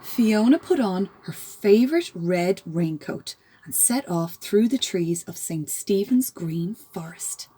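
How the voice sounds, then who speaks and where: A woman, a teacher, reading a children's storybook aloud with gasps and hushed asides. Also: mid-range voice, slow, few pauses, a little hiss or hum. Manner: animated, with stage gasps and whispers.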